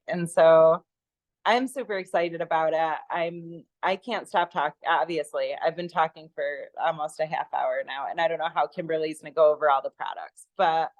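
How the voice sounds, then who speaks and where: Brief: lower-voiced woman, eager and chatty, dry video-call audio. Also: dry recording. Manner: enthusiastic, chatty, lots of fillers and laughs. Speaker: guest sharing her product story. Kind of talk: casual chat on a video call.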